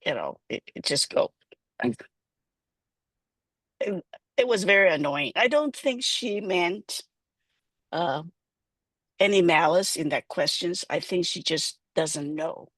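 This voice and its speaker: A woman on a discussion panel, speaking in a measured way with frequent pauses and fillers. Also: lowish voice, expressive, a bit bright, no room sound.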